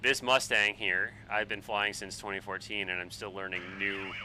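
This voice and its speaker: A man in his forties, a bit tipsy on wine, rambling and swearing excitably while chatting on a flight sim live stream. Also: fairly low pitch, moderate pace, heavy background noise. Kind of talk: casual live-stream chat while flying.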